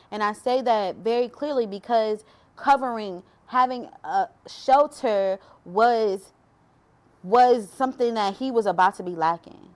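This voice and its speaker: A woman's voice: medium pitch, unhurried. Emotional woman giving testimony. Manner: emotional, preachy, addresses viewers as y'all. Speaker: faith vlogger. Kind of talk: personal testimony talk.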